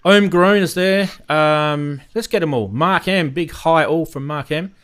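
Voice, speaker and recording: A man's voice: on the high side, unhurried, fairly bright tone, clean tone. A man with an Australian accent hosting a casual live stream, rambling and greeting viewers in the chat by name. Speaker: host of a synth live stream.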